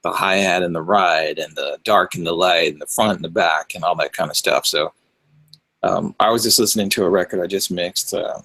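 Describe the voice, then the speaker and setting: A middle-aged man, a record producer, talking about mixing in a relaxed interview, often sliding into a monotone. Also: no echo, low-quality recording. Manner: low gravelly husky voice, drifts into a monotone. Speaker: record producer and mix engineer.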